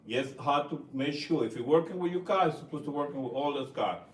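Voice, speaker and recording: A man working as a building superintendent, explaining door instructions in a hurried, casual way. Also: fairly high pitch. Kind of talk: casual workplace conversation. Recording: roomy, distant voice with faint background noise.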